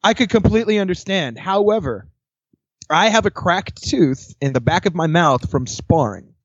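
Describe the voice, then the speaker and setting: A young man, a podcast guest, telling his dating stories in casual chat, candid and quick to laugh, swearing freely. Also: high voice, lively intonation, dry recording. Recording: dry, dull lo-fi sound.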